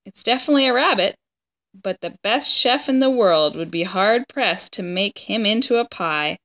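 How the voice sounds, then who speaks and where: A woman reading aloud puts on a huge, bearded wanderer from a storybook, gentle and genial. He talks in slow, formal, courtly phrases, lifted a little above her usual pitch. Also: expressive. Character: enormous bearded homeless man, gentle and courtly.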